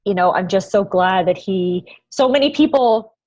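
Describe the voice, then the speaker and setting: A woman recounts a personal story in an interview, heartfelt and animated, laughing often and leaning on "like." Her voice sits at a middle pitch. The recording is a little dull and dry. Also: moderate pace, no echo. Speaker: guest, event founder.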